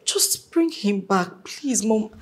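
A woman's voice: mid-range voice, expressive, slow pace. An actress with a Nigerian English accent playing a young woman who argues with her mother and begs to keep the man she loves. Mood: pleading. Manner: pleading, emotional. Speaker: daughter.

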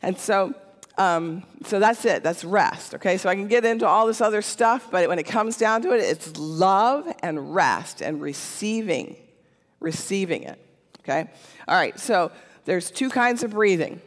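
A church speaker giving a casual teaching talk, conversational and often checking in with "okay?". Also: mid-range voice. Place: church sanctuary. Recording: long church hall reverb.

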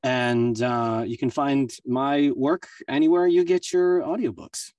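A man from New York, a podcast co-host and audiobook narrator, making dry, deadpan quips. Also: medium pitch, measured pace, dry recording, distant mic. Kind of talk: casual podcast chat.

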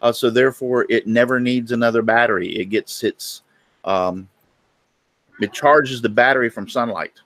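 Middle-aged host, folksy anecdote teller, dry close mic. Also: male voice, mid-range voice, steady tone, moderate pace, fairly bright tone, no echo. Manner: folksy storyteller, acts out voices in anecdotes. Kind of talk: casual chat.

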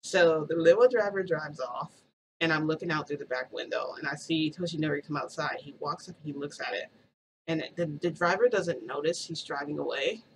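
A woman's voice: deep voice, brisk, slight background noise, low-quality recording. A woman vlogger telling a story in a rambling, casual way, full of "like" and restarts.

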